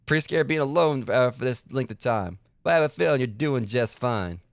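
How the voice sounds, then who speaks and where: A man voicing a middle-aged dad writing a fond letter to his son, in a slow, folksy, cartoonish sitcom-dad manner. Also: mid-range voice, expressive, smooth, dry recording, studio quality, close to an everyday voice. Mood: fond, fatherly.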